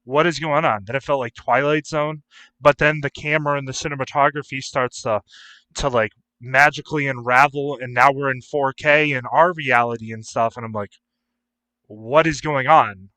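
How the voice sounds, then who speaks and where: A man co-hosting a casual review chat, telling what he saw in an animated way and acting out his own reactions. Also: mid-range voice, fairly quick, smooth, no echo, poor audio. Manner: animated, acts out his reactions with voiced quotes. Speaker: co-host and reviewer. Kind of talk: casual pop-culture chat.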